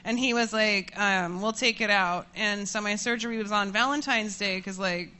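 A woman in her thirties telling a personal story to an audience, candid and self-mocking, laughing often and getting animated as she tells it. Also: medium pitch, normal speed. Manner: animated, voices rising when furious.

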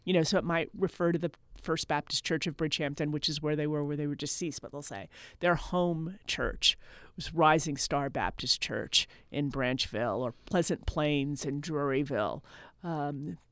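A woman's voice: sits low, moderate pace, no room sound, studio quality. A middle-aged woman, a folklorist guest on a radio interview, speaking thoughtfully and often repeating words while she searches for them. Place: radio studio. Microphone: studio microphone.

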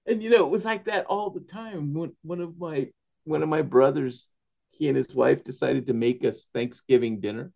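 A man, an author, telling animated anecdotes in an interview, laughing often and slipping into Spanish phrases. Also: fairly high pitch, moderate pace, gravelly, lo-fi sound. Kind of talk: storytelling in a conversational interview.

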